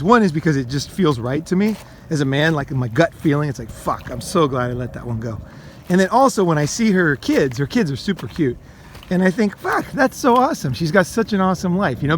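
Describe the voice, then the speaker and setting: Casting: middle-aged male host, slightly high voice, crude and rambling, faint background hiss. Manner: crude, blunt, rambling, swears often. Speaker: podcast host giving dating advice. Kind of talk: casual monologue.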